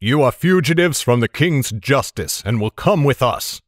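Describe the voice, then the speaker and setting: A man's voice: medium pitch, lively intonation, moderate pace, dry recording, clean studio sound, lightly acted. Officious male soldier, formal and commanding, audiobook reading, voiced by a man.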